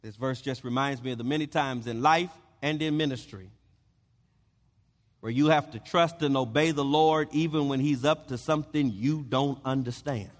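A man's voice: medium pitch, moderate pace, big-room sound. A man preaching a sermon, emphatic, often stammering and repeating his words.

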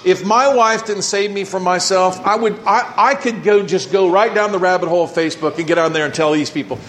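A man's voice: high-pitched, a little fast, noisy background. A male pastor preaching a conversational sermon, acting out mock voices as he talks.

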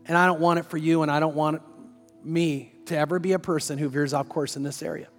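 Male pastor, conversational storyteller, raised pitch, faint music underneath. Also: long reverb tail. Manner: storytelling, conversational, with repeated rhetorical questions. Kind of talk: sermon.

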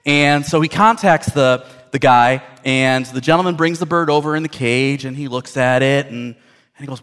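A man's voice: medium pitch, normal speed, a bit bright, clear, resonant tone. A man preaching a sermon as a pastor, conversational and storytelling, often repeating words as he builds a point.

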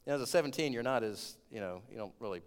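Young preacher in an echoing hall. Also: male voice, medium pitch, racing, clean tone. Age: 20s. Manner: storytelling, animated, rising to shouts in retold scenes. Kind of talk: sermon. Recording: long hall reverb.

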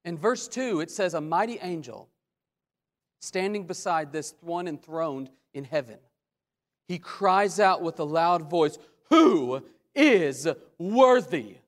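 A man preaching a sermon as a pastor, with dramatic swings between loud questions and hushed asides. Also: a little high, unhurried. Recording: long hall reverb.

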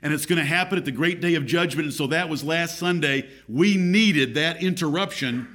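A man's voice: on the high side, moderate pace, a bit bright. A man preaching a sermon as pastor in a church, emphatic, his voice rising and falling.

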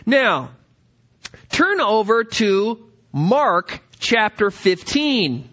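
High, animated man teaching scripture. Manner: reads scripture aloud slowly with emphasis; directs listeners to turn to passages. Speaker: Bible teacher. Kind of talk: Bible study lecture.

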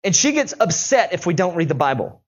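Young guy pastor preaching, talky and animated, highish voice, kinda dull audio. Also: brisk. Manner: conversational, animated storytelling. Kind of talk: sermon.

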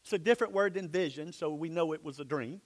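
Male pastor, high voice, dramatic sermon storyteller with hushed drops. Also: fast talker. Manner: dramatic storytelling with sudden drops to near-whisper.

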